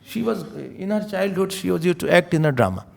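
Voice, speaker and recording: A man gives a spiritual discourse as a teacher. He tells stories animatedly, in a high voice with a gravelly edge that swings widely in pitch. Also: fairly quick. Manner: animated storytelling, mixing in Hindi phrases.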